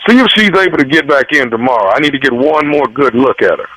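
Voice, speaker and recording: A man's voice: medium pitch, lively intonation, fast, sharp tone, no echo, pitched above the performer's own voice, poor audio. A man playing a stammering creepy doctor on a prank call. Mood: sheepish. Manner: stammering, hesitant, oddly familiar. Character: awkward creepy male gynecologist on a prank call. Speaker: prank caller.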